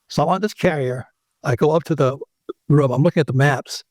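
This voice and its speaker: Older man telling a lively war story. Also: a little high, quick pace, dry recording. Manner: animated anecdote teller who acts out the people in his stories. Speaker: interview guest. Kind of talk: casual storytelling in an interview.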